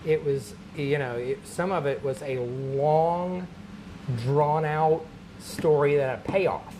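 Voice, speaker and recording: A man, a stand-up comedian, telling a long anecdote in casual chat, animated and laughing between lines, with many fillers. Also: a little high, slow pace, slight background noise.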